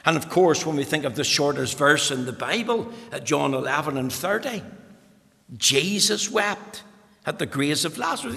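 A man preaching a sermon, reading scripture slowly and building to impassioned emphasis. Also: expressive, vocal fry, pushed and bright. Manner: rises to impassioned, high-pitched emphasis; slow, deliberate scripture reading in old-fashioned wording. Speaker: pastor. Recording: long hall reverb.

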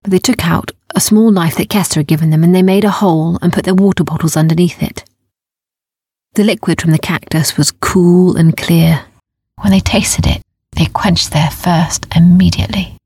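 A woman narrating a children's story in a gentle, unhurried way, sometimes dropping to a near whisper. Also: lowish voice, steady tone, husky, no room sound, studio quality.

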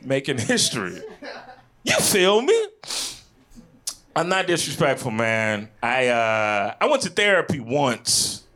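Animated Midwestern man doing stand-up. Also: mid-range voice, slow. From Chicago. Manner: animated, shouting punchlines, slangy. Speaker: stand-up comedian. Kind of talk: stand-up comedy set. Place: comedy club stage.

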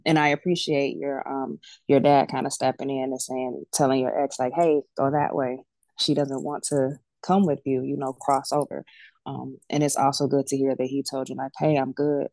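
A woman's voice: rumbling low, flat delivery, normal speed, a little mellow, dry recording. A woman working as a death doula and medium, speaking candidly and colloquially as a podcast guest, acting out the voices in her stories. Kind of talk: casual heartfelt interview talk.

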